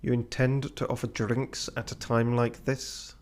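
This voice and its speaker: A man's voice: medium pitch, level tone, a little slow, lightly acted. Man playing a stern ship's officer. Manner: firm, clipped, reproachful. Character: stern male ship officer, blunt and dutiful.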